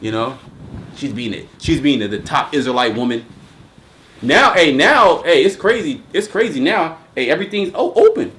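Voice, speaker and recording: A man hosts a loose, rambling religious commentary talk. He is emphatic and profane and restarts his sentences often. His voice sits somewhat high for a man. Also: sing-song, normal speed, fairly bright tone. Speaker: host. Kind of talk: casual religious commentary chat.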